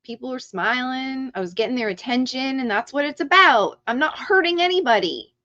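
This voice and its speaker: A woman's voice: high-pitched, animated, a little fast, sharp tone. A woman hosting a livestream who rants heatedly, swears freely and. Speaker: livestream host. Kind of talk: ranting livestream talk. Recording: dull lo-fi stream audio.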